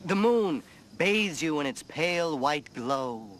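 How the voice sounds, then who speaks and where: A man's voice: fairly high pitch, animated, a bit bright. A man voices a theatrical leader who stretches his words dramatically, his voice swooping widely. A faint hum of noise sits behind him. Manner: dramatic, drawn-out scene-setting.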